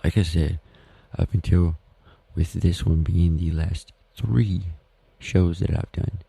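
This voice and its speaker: A man with a Southern US accent hosts a casual home podcast, talking in a slow, rambling, folksy way. His voice is very low and dark, with a gravelly, slightly husky edge. The recording is dry and close. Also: fairly even intonation, no room sound, low-quality recording. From Southern United States. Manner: rambling, folksy, self-deprecating. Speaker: podcast host. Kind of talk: casual solo podcast talk.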